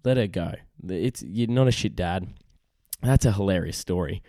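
Mellow Australian dad, matey podcast host. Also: male voice, low voice, normal speed, dry recording. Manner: laid-back, matey, swears freely. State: losing his voice. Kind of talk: casual chat.

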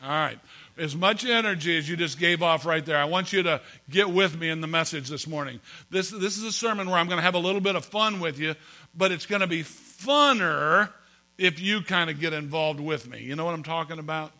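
A man's voice: a little high, fairly quick, sharp tone. A man preaching a sermon as pastor in a church, folksy and joking, calling on the congregation to respond. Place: church sanctuary.

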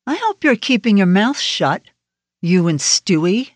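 A woman's voice: mid-range voice, sing-song, measured pace, dry recording. A woman narrator voicing a brusque woman FBI agent in an audiobook, in a clipped, blunt manner. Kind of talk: audiobook character voice.

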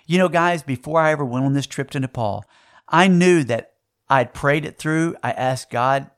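A man, preaching a sermon and telling a personal story, with dramatic shifts in loudness and pace. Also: mid-range voice, moderate pace.

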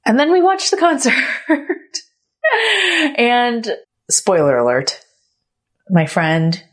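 A woman in her thirties hosting a podcast, telling a candid personal story with a reflective tone and soft laughs. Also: a little high, wildly swooping pitch, takes it slowly. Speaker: podcast host.

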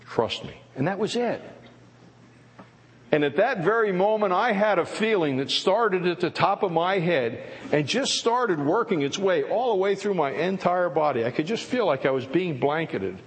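An older man, a former prisoner of war, giving an earnest, reflective spoken testimony at a church service, with halting restarts. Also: high voice, lively intonation. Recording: long reverb of a large hall.

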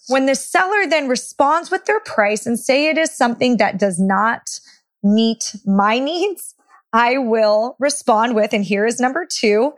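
Woman, fairly high voice, relaxed coaching delivery, acts out sample lines. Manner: conversational, non-confrontational, acts out sample phrases. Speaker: real estate investor teaching seller scripts. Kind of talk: instructional talk with role-played lines.

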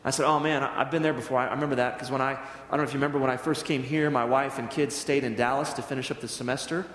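Animated preacher in an echoey hall. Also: male voice, medium pitch, very fast. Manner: animated storyteller, acts out dialogue. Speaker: Presbyterian minister. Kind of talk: sermon storytelling. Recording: echoey church hall with long reverb.

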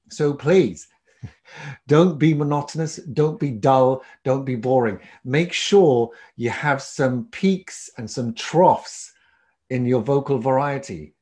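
A man teaching public speaking skills, talking with lively swings of loudness and pitch as he explains and demonstrates. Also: takes it slowly. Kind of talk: presentation skills lesson.

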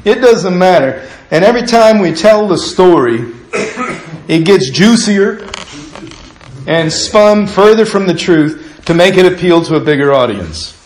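A man's voice: sits high, expressive, unhurried, slight background noise. A man preaching a sermon in a humorous, conversational way, acting out quotes from the people in his story. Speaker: pastor. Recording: echoey room.

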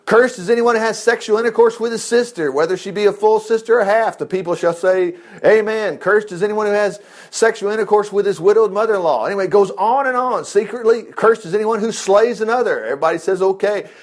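A man preaching a lively sermon, reading scripture with loud exclamations and quick low asides.

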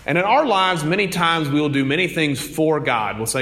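A man's voice: fairly high pitch, expressive, moderate pace, hardly any pauses, fairly bright tone. A man, a priest, preaching a sermon in a conversational storytelling way, with rising emphasis. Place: church. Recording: long hall reverb.

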